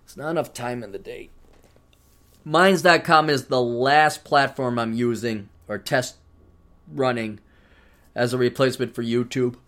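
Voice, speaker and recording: A man's voice: mid-range voice, steady tone, measured pace, long pauses, fairly bright tone. A man hosting a solo podcast, ranting in a sardonic, profane way and slipping into mocking voices for quoted asides. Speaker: podcast host.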